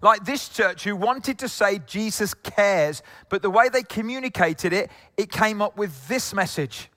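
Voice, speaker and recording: Male pastor, from England, high bright tone, chatty jokey sermon in a reverberant hall. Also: animated, unhurried. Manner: conversational, jokey, many asides.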